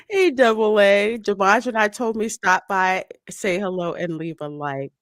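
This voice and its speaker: A woman's voice: medium pitch, slow, a bit bright, dry recording, clean studio sound. A woman hosting a film watch party, chatting casually and reading viewer comments aloud.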